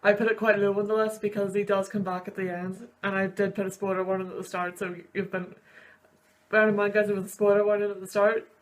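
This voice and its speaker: Sad film scenes leave this university student and video host, a woman in her twenties, sniffly as she gushes and rambles through her emotional reactions. Her mid-range voice moves fairly quickly with a flat delivery.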